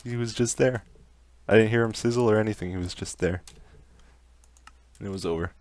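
A young man giving let's play commentary on a video game, easily startled into yelps and laughs between calm, musing remarks. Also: lowish voice, fairly quick, no room sound. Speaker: gaming commentator.

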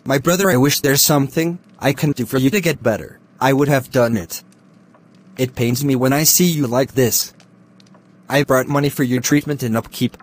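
A man voicing a wealthy, secretly wicked uncle in a Christian cartoon, speaking in a bossy, scornful way with a husky voice. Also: medium pitch, normal speed, lightly acted. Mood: concerned. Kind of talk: Christian animation voice acting.

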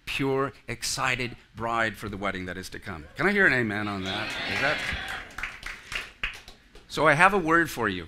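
Bright-voiced preaching pastor. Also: male voice, medium pitch. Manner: earnest preaching with asides to the congregation. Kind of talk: sermon. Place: church sanctuary.

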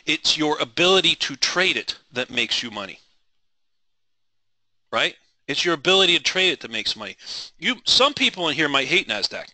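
A middle-aged man teaches a live trading webinar with fiery, driven passion, often rambling and restarting his sentences. His voice is strikingly bright and sharp. The recording is dry and close, with no room echo. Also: a little high, big pitch swings, normal speed.

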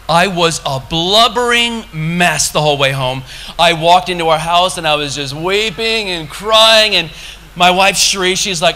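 Bright-voiced, impassioned man preaching. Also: sits high, animated, normal speed. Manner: impassioned, conversational preaching with sudden loud bursts. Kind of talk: sermon.

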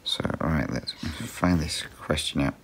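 In a casual chat, a cross-stitch vlogger with a very deep, slightly bright voice answers viewer questions slowly and ramblingly, full of ums and little laughs. Between answers they talk to a pet, and a little hiss or hum is audible.

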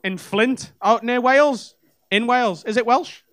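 A man's voice: very high-pitched, a little slow, fairly bright tone. A male stand-up comedian doing cheeky, sweary crowd work on a club stage, talking into a handheld mic. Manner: cheeky, swearing banter with audience. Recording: live comedy club with audience laughter.

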